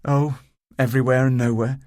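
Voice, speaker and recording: A man voicing a gentle young woman in an audiobook, speaking softly and with emotion. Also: mid-range voice, level tone, a little fast, no echo, clean studio sound, voice pushed up, natural voice. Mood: relieved. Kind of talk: audiobook character voice.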